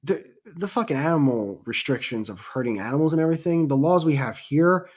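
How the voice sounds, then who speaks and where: A man's voice: a little high, lively intonation, a little fast, darkish tone. Fired-up, foul-mouthed podcast host man. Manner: heated, profane storytelling. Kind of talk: casual podcast chat.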